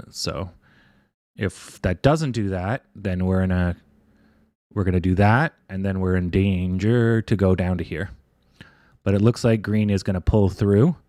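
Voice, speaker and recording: Man, low voice, dry close mic, casual rambling streamer. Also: dark tone, dry recording. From Canada. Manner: casual, rambling, thinking aloud with restarts. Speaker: stock trading streamer. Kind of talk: live stream chart commentary.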